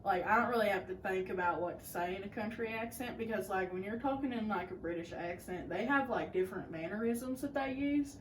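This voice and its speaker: A woman's voice: mid-range voice, brisk, hardly any pauses, echoey room, recorded from a distance, a little hiss or hum, rough recording. A teenage woman co-hosting a casual Q&A chat, laid-back and full of "like", with some swearing. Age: teens. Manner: laid-back, filler-heavy, profane. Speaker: co-host.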